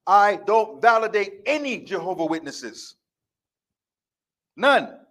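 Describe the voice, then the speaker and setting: A man's voice: sits high, big pitch swings, takes it slowly, fairly bright tone. A man in his fifties giving a motivational speech as a life coach before a live audience, emphatic, repetitive and defiant. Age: 50s.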